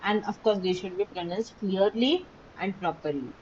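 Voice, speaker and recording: Lady teacher lecturing, leans hard on key words, keeps asking okay?, bit dull lo-fi sound with faint rumble. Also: normal speed, darkish tone. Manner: emphatic, repeats key words, checks understanding. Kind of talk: online class lecture.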